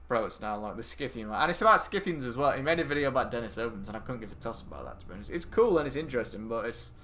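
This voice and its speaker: A man's voice: medium pitch, expressive, very fast, bright, forceful tone, a little hiss or hum. A young British man chatting casually on a gaming livestream, rambling between topics, answering chat and swearing loosely. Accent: British English. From Britain. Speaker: gaming streamer.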